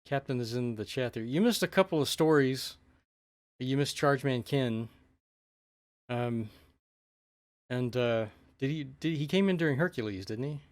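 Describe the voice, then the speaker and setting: A man's voice: medium pitch, animated. A man co-hosting a live stream, chatting casually and laughing while cartoons play, with many fillers and restarts. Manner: laughs often, halting with fillers. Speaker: podcast co-host. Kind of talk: casual chat over cartoons.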